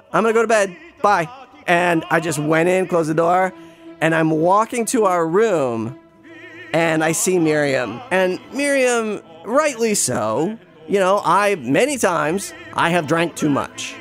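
A man's voice: high voice, sing-song, normal speed, faint music behind. A man telling a rambling, self-deprecating personal story in a casual way, with many restarts and some swearing. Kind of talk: casual spoken anecdote.

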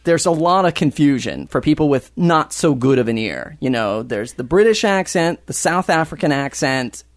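A man's voice: a little high, big pitch swings, moderate pace, dry recording. Joking American man, dry close sound. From United States. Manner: curious, joking, rambling questions. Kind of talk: casual chat.

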